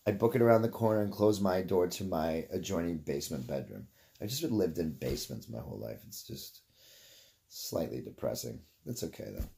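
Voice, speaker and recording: A man's voice: low voice, animated, brisk, creaky, dark tone. Rambling Canadian man telling a story. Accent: Canadian English. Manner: swears freely, drifts off on tangents, laughs mid-story. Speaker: vlogger.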